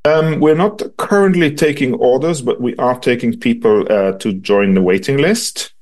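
In an interview, a man patiently gives measured answers about a device he designs, frequently pausing on ums and restarting phrases. His voice sits at a medium pitch with a darkish tone.

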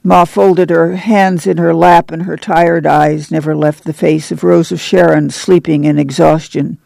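Gravelly high-voiced man reading aloud. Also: flat delivery, measured pace, a little mellow, no echo. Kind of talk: audiobook narration.

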